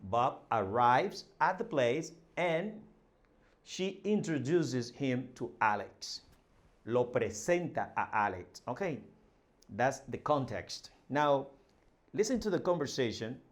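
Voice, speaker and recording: Male teacher, mid-pitched, halting, explanatory lesson delivery with frequent fillers. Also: sing-song. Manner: explains slowly with many fillers and restarts; reads dialogue lines aloud, then translates each. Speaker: language teacher. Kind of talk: spoken language lesson.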